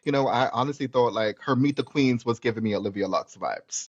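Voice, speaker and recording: A man's voice: medium pitch, brisk, husky, no echo, highs cut off. A man co-hosting a podcast, chatting casually and gushing with emphasis. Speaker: podcast co-host. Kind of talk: casual chat.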